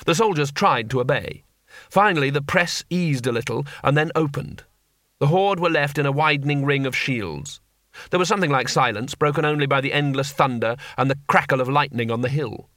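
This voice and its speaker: A man narrating an audiobook with expressive storytelling. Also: fairly high pitch, brisk, no echo, clean studio sound. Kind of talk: scripted narration.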